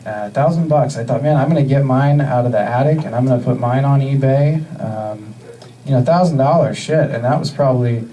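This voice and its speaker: A man in his thirties from the US Northwest doing a stand-up comedy set, with a deadpan, halting delivery full of fillers. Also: mid-range voice, far from the mic, a little hiss or hum, rough recording. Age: 30s. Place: comedy club stage.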